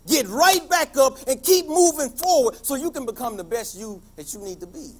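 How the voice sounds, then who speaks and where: A middle-aged man delivers a motivational talk with a husky, slightly rough voice that sits high for a man. He swings his pitch widely, telling stories and building to fervent, emphatic peaks. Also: animated, moderate pace. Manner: passionate and emphatic, building to shouts. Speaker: teacher giving a motivational talk. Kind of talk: motivational speech with storytelling.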